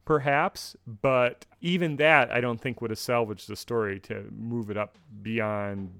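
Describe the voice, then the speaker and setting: An American man co-hosting a podcast, talking in casual chat, thoughtful and halting. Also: mid-range voice, fairly even intonation, vocal fry, fairly bright tone. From United States. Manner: thoughtful, halting, restarts mid-sentence. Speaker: podcast co-host.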